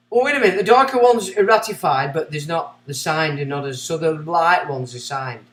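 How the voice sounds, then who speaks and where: A man's voice: fairly high pitch, normal speed, long pauses, a bit bright, echoey room, far from the mic. A man hosting a livestream, reading out passages and breaking off into scornful, sarcastic asides. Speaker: livestream host. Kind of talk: ranting commentary while reading aloud.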